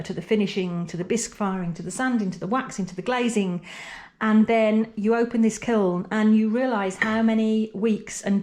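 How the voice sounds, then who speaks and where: A woman's voice: mid-range voice, echoey room. A middle-aged woman, chatting casually in her home pottery studio while feeling unwell and tired. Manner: chatty, rambling, softly emotional. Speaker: pottery vlogger. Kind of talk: casual vlog talk to camera.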